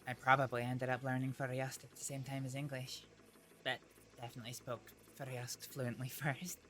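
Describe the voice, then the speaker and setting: A woman voicing a young Faroese woman on the frontier, with a Faroese accent, talking softly and hesitantly with giggles. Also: very deep voice, little pitch movement, moderate pace, slight background noise. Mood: chatty. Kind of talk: western role-play.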